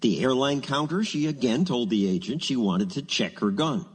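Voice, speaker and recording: A man narrating a news report in a measured, probing way, asking pointed questions. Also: medium pitch, lively intonation, breathy edge, in a large hall.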